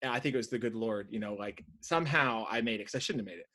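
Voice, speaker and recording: A man in his thirties from Northern Virginia, a podcast guest telling a story in a casual, animated way, with many restarts and acted-out quotes. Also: on the low side, fast talker. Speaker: podcast guest, side hustle coach.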